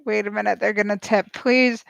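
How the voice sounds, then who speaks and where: A woman giving snarky, excitable live reaction commentary as she watches a show and cheers at the screen. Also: on the high side, a little slow, gravelly, dry recording, lo-fi sound. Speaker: show recap host.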